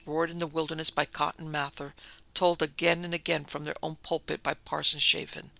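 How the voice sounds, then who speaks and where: Male narrator, dramatic storybook read, bright and fairly high. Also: gravelly, no room sound.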